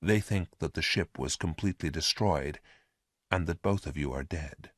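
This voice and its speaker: A man voicing a calm, powerful male alien in a storybook reading, speaking quietly and measured. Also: rumbling low, no room sound, clean studio sound.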